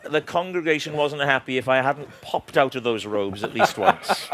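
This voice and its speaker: A man's voice: medium pitch, lively intonation, normal speed, fairly bright tone. A middle-aged Welsh man with a slight sore throat, chatting playfully as an interview guest and mocking himself. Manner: playful, self-mocking, laughs often. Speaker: author and comedian guest. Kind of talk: casual interview chat.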